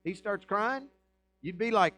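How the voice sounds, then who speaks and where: A man preaching a sermon in a church, his voice sitting a little higher than most men's. He reads scripture aloud and then unpacks it conversationally, with plenty of rhetorical questions and asides to the congregation. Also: lively intonation, a little slow, sharp tone, soft background music, rough recording. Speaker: pastor.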